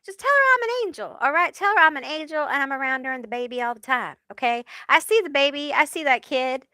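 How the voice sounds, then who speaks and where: A woman's voice: sits high, big pitch swings, normal speed, sharp tone, no room sound, voice pushed up, exaggerated voice. A woman voicing the spirit of a man who loved baseball, insisting through her that he is an angel watching over his family. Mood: reassuring. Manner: insistent, repeating himself. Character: reassuring male spirit, baseball fan.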